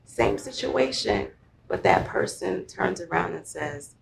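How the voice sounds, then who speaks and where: A woman explains emotions with vivid everyday examples, her voice pitched low and edged with gravel. The room around her rings with a noticeable echo. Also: very animated, unhurried, a loud crowd. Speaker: guest, mental health professional. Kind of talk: conversational teaching.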